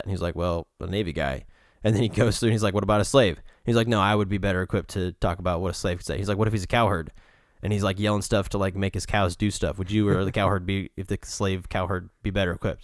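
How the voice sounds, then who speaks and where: A young man talking casually on a podcast, with a lowish voice recorded dry and close. He retells a classic text in an easy, chatty way and slips into reading passages aloud. He laughs often as he goes. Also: fairly even intonation, fast talker, no echo. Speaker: podcast co-host. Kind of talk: casual discussion of a philosophy text.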